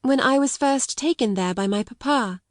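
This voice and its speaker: A woman reading the part of a quiet, sad young orphan girl in an audiobook, steady and unrelenting. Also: high-pitched, normal speed, dry recording, clean studio sound, pitched above the performer's own voice, natural voice.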